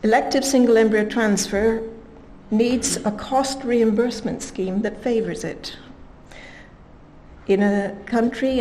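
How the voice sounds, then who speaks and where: A woman giving a scientific conference talk at a measured pace, reading quotes aloud with emphasis. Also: medium pitch, warm tone, a little hiss or hum, low-quality recording. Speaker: conference speaker.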